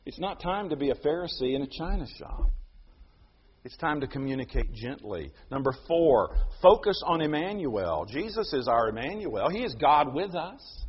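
A man preaching a sermon, emphatic, his voice swelling to loud peaks and then dropping soft. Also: on the high side, very animated, normal speed, slightly rough, muffled recording. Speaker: pastor.

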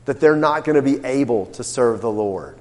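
A man's voice: medium pitch, animated, normal speed, a little mellow, long reverb tail. A man teaching an interactive Bible class, asking the group questions and acting out what the characters say. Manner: questioning, emphatic, acts out quotes.

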